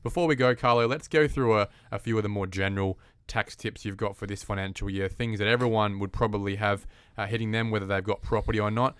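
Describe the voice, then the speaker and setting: A man hosting a property podcast, prompting his guest with brisk questions. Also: on the low side, fairly even intonation, a bit bright, smooth, no room sound, clean studio sound. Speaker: podcast host. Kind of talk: casual podcast interview.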